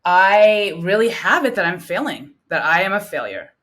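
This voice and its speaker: A woman calling in to a live coaching show, talking earnestly and haltingly about her business. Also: medium pitch, big pitch swings, a bit bright. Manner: earnest, halting, restarts often. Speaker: caller, coach with a small business. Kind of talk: casual live-call conversation.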